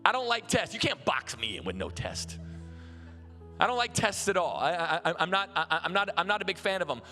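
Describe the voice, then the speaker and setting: A man preaching in a high, bright voice, chatty and animated, stumbling and restarting as he tells his story. His sermon rings through a big church hall, with soft music underneath. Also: a little fast. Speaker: pastor. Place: large church auditorium.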